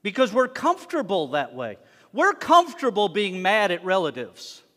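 A man preaching a sermon to his congregation, animated, swinging between loud emphasis and hushed asides. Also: high-pitched, moderate pace. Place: synagogue sanctuary. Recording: long reverb of a worship hall.

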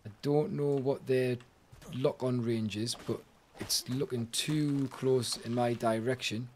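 A man's voice: medium pitch, darkish tone, husky. A man giving casual, jokey let's-play commentary, talking to himself and to chat as he plays. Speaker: gaming streamer.

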